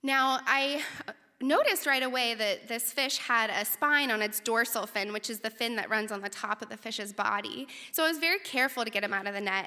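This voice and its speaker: Bright-voiced young woman telling a story. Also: on the high side. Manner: animated, voice jumping up when recounting panic. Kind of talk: first-person story told to an audience. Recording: reverberant hall.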